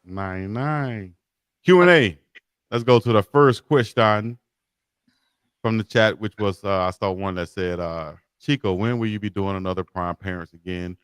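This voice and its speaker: A man's voice: on the low side, a little slow, clear, resonant tone, no room sound. A man co-hosting a casual live sports talk show, reading chat comments and sponsor plugs. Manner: hypes the chat, reads super chats and sponsor plugs. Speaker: co-host.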